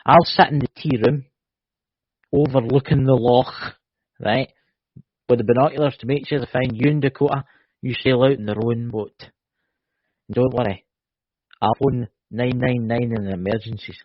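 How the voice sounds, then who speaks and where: A man's voice: mid-range voice, fairly even intonation, normal speed, pauses often, dry recording. A Scottish man co-hosting a podcast and joking with his partner in a boisterous, teasing way. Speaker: podcast co-host. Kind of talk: casual chat. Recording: muffled dry home recording.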